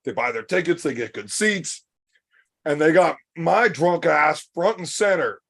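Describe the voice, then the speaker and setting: A man from Canada spins rowdy, foul-mouthed stories on a casual podcast. His voice sits a little high, and it comes out gravelly and husky. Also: animated, a little slow, fairly bright tone. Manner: profane, boisterous, rambling anecdotes. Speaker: podcast co-host, arm wrestler.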